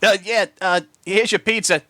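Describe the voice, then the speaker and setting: Nervy young pizza guy, a man doing the voice, stammers, bit higher than usual. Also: steady tone, normal speed, pushed and bright, no room sound. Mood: nervous. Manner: hesitant, stammering, polite. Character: nervous young male pizza delivery guy. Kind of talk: storybook reading.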